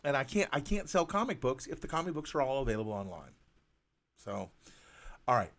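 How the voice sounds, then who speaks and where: A man hosting a live drawing stream, talking in a halting, stammering way with many restarts, earnest and apologetic. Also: medium pitch, big pitch swings, fairly bright tone. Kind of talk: casual live-stream monologue.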